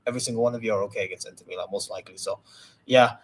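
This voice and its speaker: A man's voice: on the low side, fairly even intonation, racing, slightly rough. A young man co-hosting a casual football talk show, teasing and laid-back, peppering his talk with "bro". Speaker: podcast co-host.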